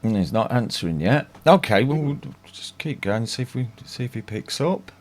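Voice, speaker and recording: A man's voice: medium pitch, animated, normal speed, a little mellow. A man hosting a casual chat show, laid back, bringing guests onto a call. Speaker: host.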